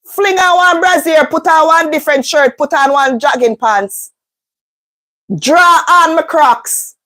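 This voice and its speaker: High-voiced woman telling a story. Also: unhurried. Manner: animated storyteller, acts out voices. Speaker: vlogger, mother of a schoolboy. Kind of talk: casual storytime chat.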